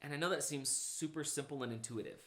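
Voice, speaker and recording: Man, motivational speaker, bright and slightly high voice, acts out his own inner talk when telling a story. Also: fast. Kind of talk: casual podcast conversation.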